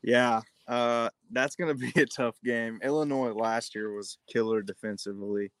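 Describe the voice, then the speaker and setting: A man's voice: medium pitch, fairly even intonation, normal speed, clean tone. A male podcast co-host in a casual sports chat, hedging and thinking aloud.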